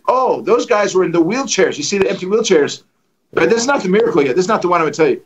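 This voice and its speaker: A middle-aged man preaching, telling testimony stories in an animated way and acting out the dialogue. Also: high-pitched, rapid-fire, highs cut off. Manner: animated, acts out dialogue with lively voices. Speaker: guest preacher. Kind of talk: storytelling testimony.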